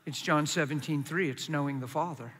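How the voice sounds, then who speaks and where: A man preaching a sermon with passion, swinging from quiet, confiding lines to loud, urgent ones. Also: on the high side, a little fast, slightly rough. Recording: hall reverb.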